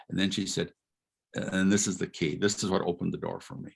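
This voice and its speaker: Gravelly older man lecturing over video call. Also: low-pitched, brisk. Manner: animated, asks rhetorical questions, chuckles, acts out quotes. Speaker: retired history professor giving a talk.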